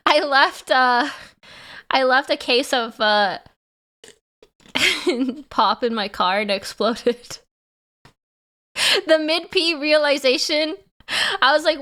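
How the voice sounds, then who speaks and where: A woman livestreamer talks casually to her chat. Her voice is bright and forward and sits a little high, and she laughs between stories. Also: a little slow, long pauses. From Canada. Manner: chatty, laughs often, answers chat.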